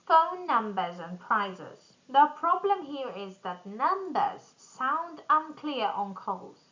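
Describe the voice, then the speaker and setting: A woman gives a business English pronunciation lesson, speaking slowly and reading each example sentence out with care. Her voice sits a little high and sounds bright. The recording is slightly dull and lo-fi. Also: sing-song. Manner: addresses viewers as "guys", reads model sentences aloud. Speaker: English teacher. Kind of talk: slow explanatory lesson.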